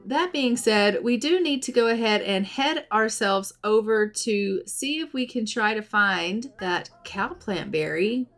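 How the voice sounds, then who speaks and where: A woman's voice: fairly high pitch, expressive, measured pace, few pauses, fairly bright tone, soft background music. A woman giving casual, chatty let's play commentary on a life-sim game, doting on the characters. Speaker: gaming channel host.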